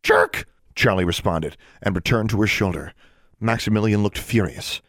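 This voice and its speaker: Narrating an audiobook, this man keeps a very low, steady and measured delivery. Miked closely, the sound is dry with no echo or room sound.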